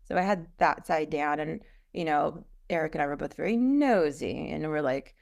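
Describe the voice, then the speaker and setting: Woman guest, gravelly voice, a bit low, chatty w lots of likes and ums. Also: darkish tone. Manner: chatty, frequent fillers, quick asides. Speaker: guest, business co-founder. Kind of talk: casual interview chat.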